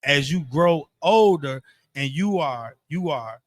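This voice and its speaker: A man's voice: a little high, animated, takes it slowly. A man, talking earnestly about parenting on a podcast and repeating words as he builds his point. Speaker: podcast co-host. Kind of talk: candid conversation about parenting.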